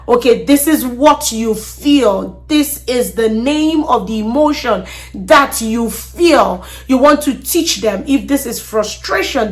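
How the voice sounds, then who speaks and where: A woman hosting a parenting talk, speaking earnestly, often repeating words and checking in with "okay?" as she explains. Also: on the high side. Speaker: podcast host.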